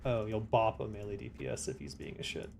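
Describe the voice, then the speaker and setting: A man streaming a game live, chatting casually and answering his chat in a relaxed way. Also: on the low side, fast talker, vocal fry, slight background noise.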